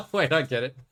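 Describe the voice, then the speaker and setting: A man's voice: fairly high pitch, bright, forceful tone. A young man live-streaming, chatting casually and making crude jokes while browsing trailers. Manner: joking, crude, rambling commentary.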